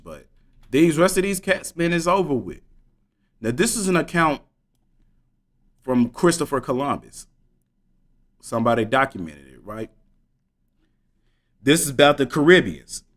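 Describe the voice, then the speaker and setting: A man in mid-range pitch holds forth to his live viewers, fervent and preachy. He talks in slang and hammers his points by repeating them. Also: lively intonation, moderate pace, long pauses. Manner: slangy, repetitive emphasis. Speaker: livestreamer. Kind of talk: live stream commentary.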